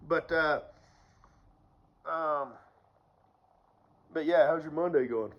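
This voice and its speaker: Casual male ranter with a high voice, profane and sarcastic, moving from loud outbursts to low asides. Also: expressive, a little slow, long pauses, low-quality recording. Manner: profane, sarcastic, swings between mumbling and shouting. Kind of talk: casual ranting monologue.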